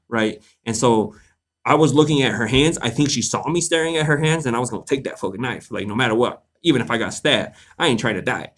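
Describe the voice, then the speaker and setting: A man's voice: mid-range voice, fairly quick. Laughing, cussing storyteller guy. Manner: animated, laughs often, swears freely. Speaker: host of a live Q&A stream. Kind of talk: casual storytelling to viewers.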